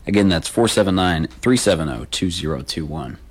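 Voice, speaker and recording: Animated and brisk, a man with a low, slightly rough voice hosts a local call-in swap show in a radio studio. His casual reading of listings includes repeated phone numbers and slangy asides.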